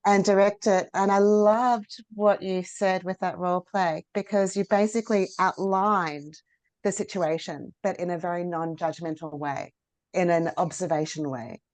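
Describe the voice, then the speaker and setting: A woman's voice: lowish voice, fairly even intonation, moderate pace, darkish tone, dry recording. A woman co-hosting a podcast interview, responding in an enthusiastic, affirming way. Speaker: podcast co-host.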